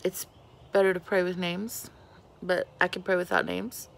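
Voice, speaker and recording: A woman's voice: on the low side, flat delivery, normal speed, gravelly, a little hiss or hum. A woman in her thirties hosting a casual livestream from her porch, chatting with viewers and greeting them by name. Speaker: beauty vlogger hosting a livestream. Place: outdoors on a porch.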